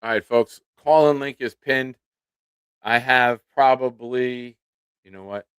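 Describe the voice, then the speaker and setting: A man's voice: medium pitch, slow pace, clean tone, no echo. A man in his forties hosting a live sports show, chatting casually with viewers and nursing a swollen tooth. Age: 40s. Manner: relaxed, chatty, self-deprecating. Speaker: podcast host. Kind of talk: casual live-stream chat.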